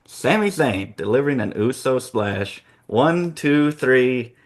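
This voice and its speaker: A man hosting a casual fantasy-booking chat, telling the story in an animated way with frequent laughs. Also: mid-range voice, takes it slowly. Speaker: host.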